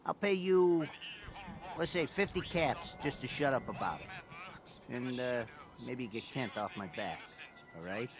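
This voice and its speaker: A man's voice: medium pitch, animated, a little slow, long pauses, music in the background. A man voicing a mocking, brash small-time drug-dealing thug.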